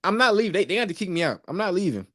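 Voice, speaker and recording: A young man from Memphis with a Memphis Southern accent, co-hosting a podcast in excitable, slangy casual chat. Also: high voice, rapid-fire, dry recording, clean studio sound. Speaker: podcast co-host.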